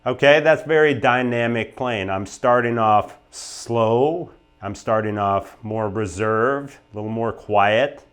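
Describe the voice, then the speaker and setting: An American man teaching blues guitar, talking in an emphatic, animated way and often checking in with "right?" and "okay?". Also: medium pitch, slow, hardly any pauses, clean tone. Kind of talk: instructional talk to camera.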